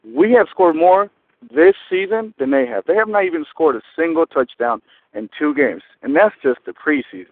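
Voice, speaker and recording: A man from Texas calling in over a tinny phone line, his voice at a middling pitch. He rambles eagerly and gets fired up as he talks. The sound is dry and thin. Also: lively intonation, normal speed, dry recording. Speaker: caller. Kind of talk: excited phone-in call.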